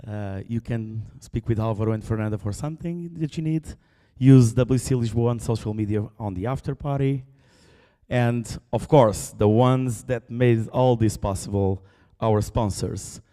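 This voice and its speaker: A man's voice: mid-range voice, moderate pace, warm tone. Portuguese man closing a conference in a hall. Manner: loose, joking, reads long name lists. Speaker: event organizer speaking on stage. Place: large conference auditorium. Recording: echoey hall with crowd behind.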